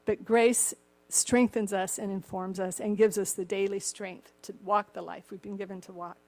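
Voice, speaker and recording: A woman's voice: mid-range voice, fairly even intonation, moderate pace. Older woman preaching with a slightly cracked voice. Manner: warm chuckling asides, acts out the story voices. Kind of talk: sermon.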